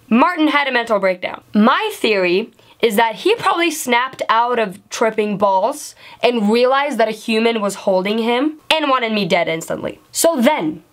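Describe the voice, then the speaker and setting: A young adult woman telling an animated, sarcastic storytime vlog with lots of swearing. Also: fairly high pitch. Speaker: vlogger.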